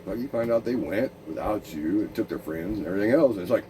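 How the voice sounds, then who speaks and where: A man's voice: lowish voice, expressive, quick pace, few pauses, dark tone, far from the mic, slight background noise, low-quality recording. A man speaking a profane, meandering monologue, full of restarts, jumping between ideas. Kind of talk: rambling monologue.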